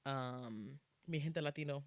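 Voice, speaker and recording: A woman's voice: a little slow, dry recording. A woman co-hosting a podcast in casual chat, telling stories and acting out quotes in squealing voices. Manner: animated storytelling, acts out quotes in high squeals. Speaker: podcast co-host.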